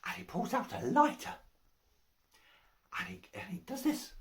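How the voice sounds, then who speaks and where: A woman's voice: medium pitch, big pitch swings, measured pace. A woman giving a comic Christmas speech, telling a rambling joke and giggling at her own lines. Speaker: comic storyteller.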